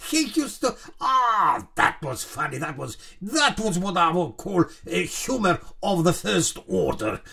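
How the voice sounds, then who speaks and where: A middle-aged man and shopkeeper, rambling through a joke with halting digressions and chuckles. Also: high-pitched, sing-song, creaky, sharp tone, breathy edge.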